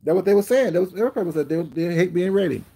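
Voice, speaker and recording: A man talks loosely and at length to his stream viewers, circling back over his points. His voice is gravelly and dark, with a husky grain. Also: high voice, lively intonation, rapid-fire. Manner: rambling, repetitive, with frequent "you know what I'm saying". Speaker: livestream host. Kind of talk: casual chat with viewers.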